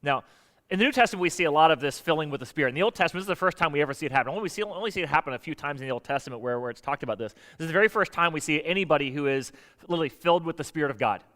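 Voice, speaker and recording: Male pastor, sermon, high voice, animated, playful asides, reverberant church hall. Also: racing. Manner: animated, joking asides to the congregation. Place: church sanctuary.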